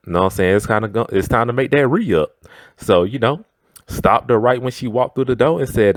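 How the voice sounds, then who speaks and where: A man's voice: on the low side, fairly quick, dry recording, studio quality. A man telling a workplace story in a slangy, chatty way, often checking in with the listener. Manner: slangy and chatty, often asking "know what I'm saying". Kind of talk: casual storytime.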